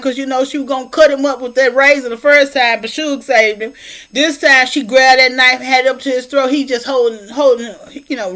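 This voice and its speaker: A woman recapping a movie's plot in a casual, animated, colloquial way, slipping into character voices. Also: high voice. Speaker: movie reviewer.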